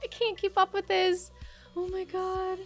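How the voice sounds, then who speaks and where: A very high, bright woman's voice, unhurried yet giddy and excitable as she chats with her live stream viewers. She laughs and exclaims often while thanking them, with faint music playing behind her. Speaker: streamer hosting a tabletop game session.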